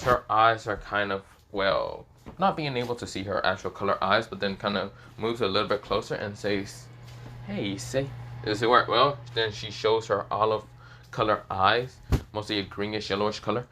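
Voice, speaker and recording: A man's voice: on the low side, bright, forceful tone, slight background noise. A man improvising a fan story aloud, rambling and hesitant, with many fillers.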